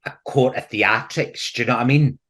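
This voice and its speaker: A middle-aged Scottish man, a podcast guest, chatting casually and telling animated stories with frequent laughs. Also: mid-range voice, fairly quick. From Scotland. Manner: animated storyteller, laughs often. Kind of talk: casual chat.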